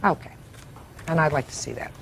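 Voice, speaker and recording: Older woman, judge, blunt and cutting, very low pitch, faint room noise. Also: brisk, gravelly. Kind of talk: courtroom questioning. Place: courtroom.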